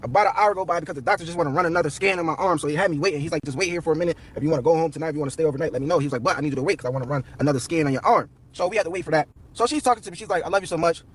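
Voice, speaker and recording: A young man tells a story on a live stream, fast and loose with slang and swearing. His voice sits high and a little husky. He plays every person's lines himself as he goes. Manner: slangy, profane, quoting everyone in turn.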